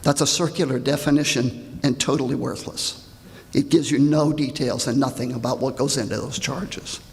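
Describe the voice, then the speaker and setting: An older man with a gravelly voice, reading a pointed, indignant prepared comment at a public hearing. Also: medium pitch, steady tone, moderate pace. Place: large hall. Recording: reverberant hall.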